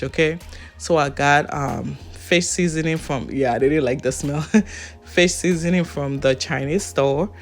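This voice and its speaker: A woman's voice: low-pitched, creaky. African-accented woman vlogger, chatty and laughing, with faint music under her. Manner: chatty, laughs often, talks straight to the viewer. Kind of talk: casual vlog chat.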